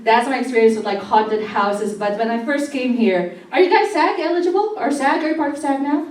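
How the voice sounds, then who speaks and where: A woman from the Philippines whose first language is Tagalog, doing a brash, profane, animated stand-up comedy set on a club stage. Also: sits high, a little fast. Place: comedy club stage before a live audience. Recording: echoey room, distant mic, faint background noise.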